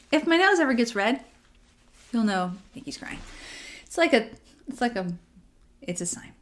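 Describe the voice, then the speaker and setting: A woman giving a personal devotional talk in a conversational way, acting out her own inner dialogue and dropping to a soft near-whisper at tender moments. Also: mid-range voice. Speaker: devotional speaker.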